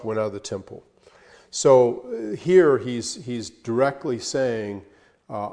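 A man's voice: mid-range voice, darkish tone. Man teaching a Bible lesson. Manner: reads scripture aloud, then explains it with fillers and emphasis.

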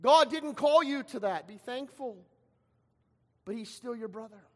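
Male preacher, very high pitch, dramatic sermon delivery, long hall reverb. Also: lively intonation, a little slow. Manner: dramatic, acts out quoted voices with shifting loudness.

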